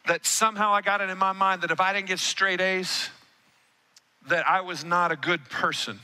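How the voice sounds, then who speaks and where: Male pastor, middle-aged, high and very bright voice; animated storytelling sermon with call-and-response. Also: moderate pace. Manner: animated, storytelling, calls on the congregation.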